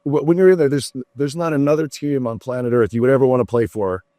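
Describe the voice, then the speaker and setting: A man's voice: medium pitch, steady tone, quick pace, warm tone, no echo. A man in a casual podcast chat, telling heartfelt, rambling stories.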